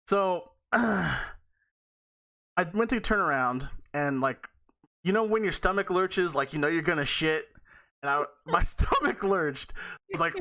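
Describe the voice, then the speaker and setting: A male podcast host spins a long, rambling anecdote full of swearing, breaking into laughter as he goes. His voice is bright and tense, pitched a little high for a man. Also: normal speed. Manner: rambling, profane, laughs often mid-sentence. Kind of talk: casual storytelling.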